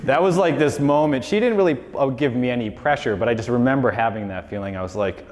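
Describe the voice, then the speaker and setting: A man's voice: medium pitch, a little fast, hardly any pauses, darkish tone. A man in his forties telling his story in a casual, rambling lecture, with lots of "like" and "you know". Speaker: designer giving a lecture. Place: lecture hall. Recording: long hall reverb.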